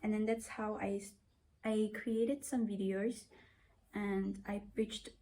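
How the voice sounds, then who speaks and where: A woman's voice: medium pitch, level tone, slow, warm tone. Rambling woman in her twenties with a mixed British-Australian accent. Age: 20s. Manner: rambling, self-deprecating, trails off. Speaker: vlogger. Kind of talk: casual rambling vlog.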